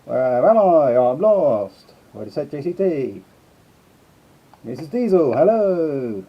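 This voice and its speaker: A man hosts a casual live stream and greets his chat by name. His voice sits a little high and swings widely in pitch. The sound is slightly dull and lo-fi. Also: big pitch swings, slow. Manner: chatty, greets viewers one by one.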